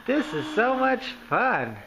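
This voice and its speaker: A woman's voice: a little high, sing-song, slow, vocal fry, background noise. A woman at home, playfully coaxing a baby for photos in a home video. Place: home, indoors. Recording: dull home video sound.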